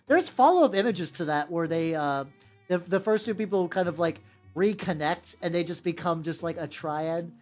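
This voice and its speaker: Faint music plays as a VTuber paints miniatures and talks to live viewers in a medium-pitched, darkish voice at normal speed. Their casual, profane chatter wanders, and they often restart what they're saying.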